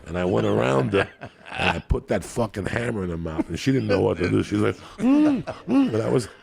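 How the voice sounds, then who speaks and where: A comedian telling a raunchy, rambling story full of profanity and graphic detail. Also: male voice, fairly low pitch, fast talker, creaky, darkish tone.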